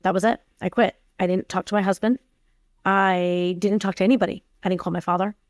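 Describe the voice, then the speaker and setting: A woman's voice: medium pitch, steady tone, a little fast, no echo. A woman in her forties, a tech company CEO, talking candidly as a podcast guest and acting out the dialogue in her stories. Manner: emphatic, acts out quoted dialogue in her stories. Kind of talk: candid conversational storytelling.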